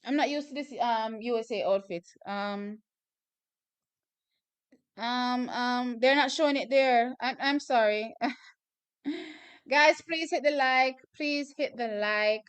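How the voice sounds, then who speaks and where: Jamaican woman, live stream host, excitable, smooth and fairly high voice. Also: takes it slowly, long pauses. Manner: chatty, excitable, bursts into shouts and laughter. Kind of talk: live watch-party commentary.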